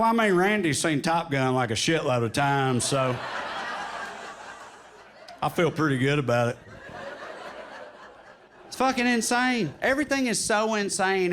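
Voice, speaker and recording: Tennessee-drawl man doing stand-up. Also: a little high. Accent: Southern US, Tennessee drawl. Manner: animated, swings into put-on voices and quips. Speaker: stand-up comedian. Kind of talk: stand-up comedy set. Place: comedy club stage with audience.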